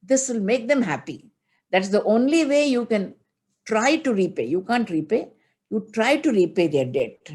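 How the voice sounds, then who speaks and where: A woman's voice: on the high side, sing-song, moderate pace, a little mellow, husky. A woman giving a spiritual discourse, chanting Sanskrit verses and then explaining them in an earnest, emphatic way. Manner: earnest and emphatic, with light laughs. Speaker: spiritual teacher.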